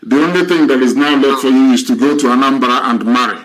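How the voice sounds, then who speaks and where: A man's voice: mid-range voice, steady tone, quick pace, a bit bright. A man hosting a live stream, lecturing his guest and asking rhetorical questions. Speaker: host.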